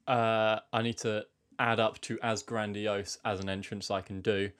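A young man co-hosting a podcast in casual chat, deadpan and self-mocking. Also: fairly low pitch, a little slow. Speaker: podcast co-host.

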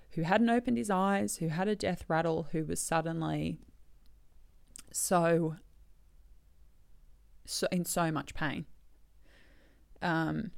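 A woman telling a painful personal story, halting and tearful, often dropping into whispers. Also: fairly low pitch, creaky, no room sound. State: crying. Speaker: bereaved daughter telling her story. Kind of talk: emotional personal testimony.

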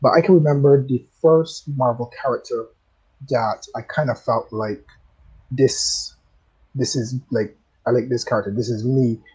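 A man from the Caribbean gives an unhurried, reminiscing answer on an interview show. His voice is husky and sits at an everyday pitch for a man. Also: fairly even intonation, darkish tone, low-quality recording. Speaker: guest comics creator.

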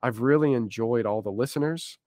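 A man's voice: mid-range voice, fairly quick, a little mellow, dry recording, studio quality. A man co-hosting a podcast, chatting casually with self-deprecating jokes. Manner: joking, self-deprecating asides. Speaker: podcast co-host.

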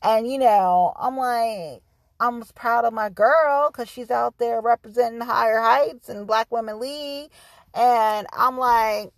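A woman's voice: a little high, a little slow, no echo. A woman hosting her own podcast, talking candidly and profanely straight to her listeners in a casual monologue. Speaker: podcast host.

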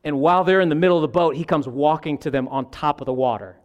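A man, animated and lively, and calls the congregation "y'all." His voice sits high for a man. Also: fast talker. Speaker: pastor. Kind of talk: sermon.

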